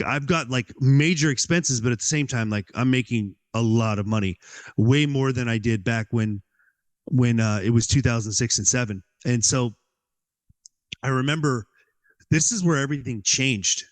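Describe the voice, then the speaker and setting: On a podcast, a man with a mid-range voice shares a personal story animatedly. He peppers it with "like" and performs the dialogue running in his head.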